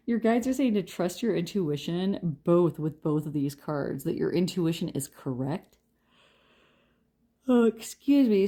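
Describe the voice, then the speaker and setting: Low, mellow-voiced woman reading tarot. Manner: chatty, self-deprecating, laughs often. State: tired, yawning. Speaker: tarot reader. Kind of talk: chatty pick-a-card tarot reading.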